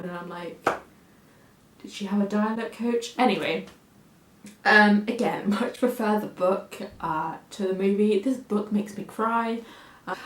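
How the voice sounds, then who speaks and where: A woman's voice: medium pitch, roomy sound, slight background noise, rough recording. A woman in her twenties with an English accent from the Oxfordshire and Cambridgeshire area, chatting casually to camera at home as a book vlogger, rambling and self-deprecating with lots of fillers. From England.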